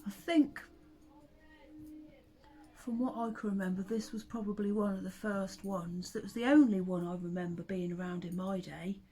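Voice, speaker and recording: A middle-aged woman, a vlogger and mother, swaps family stories in a relaxed chat, laughing a lot and now and then slipping into a whisper. Her voice is medium in pitch and mellow with a breathy edge, delivered at a normal pace in a steady tone. The recording is rough.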